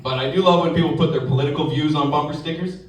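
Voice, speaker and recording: A man doing an animated stand-up set, acting out characters, recorded from a distance in an echoey comedy club with a loud crowd. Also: fairly high pitch, racing.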